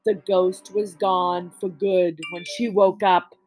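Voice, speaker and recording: A woman reading a spooky story aloud in a slow, deliberate way, with small slips and restarts. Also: on the low side, little pitch movement, a little mellow. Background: faint music.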